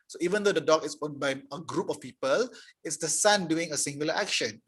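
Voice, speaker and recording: Guy teaching english online, fairly high voice, chatty and friendly, keeps restarting his sentences. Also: fairly quick, a bit bright, slightly rough. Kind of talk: live online tutorial.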